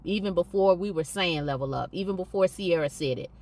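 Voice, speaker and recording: A woman's voice: lowish voice, a little fast, darkish tone. A woman hosting a podcast, speaking candidly and emphatically and repeating points for stress. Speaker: podcast host.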